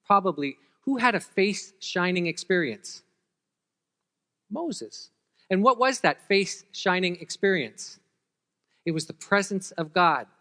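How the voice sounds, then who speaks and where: A pastor gives a sermon, talking with his listeners rather than at them and throwing questions out to the room. His voice sits a little high for a man. The sound carries a long reverb, as from a large church hall. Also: fairly bright tone. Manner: conversational, asks the audience questions.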